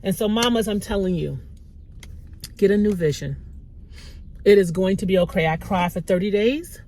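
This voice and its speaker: A middle-aged woman and mother giving a heartfelt faith pep talk to the camera, conversational and tearful. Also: normal speed. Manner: warm, conversational, lively pitch swings with bursts of laughter. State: tearful, emotional. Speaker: mother and small business owner.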